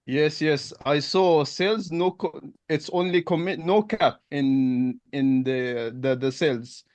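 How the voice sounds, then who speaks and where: A man's voice: fairly high pitch, slow pace, a little mellow, no echo. Guy playing a blunt accountant type, choppy repetitive talk, dry close sound. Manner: blunt, repetitive, broken phrasing. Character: blunt, direct male accountant prospect. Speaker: roleplay partner.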